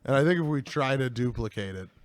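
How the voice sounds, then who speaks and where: A young man hosts a home podcast in easygoing chat, rambling along and laughing a lot. His voice sits at a middling pitch, and the recording is close and dry, with no room sound. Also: expressive, quick pace, no room sound. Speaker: podcast host. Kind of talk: casual chat. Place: room in a house.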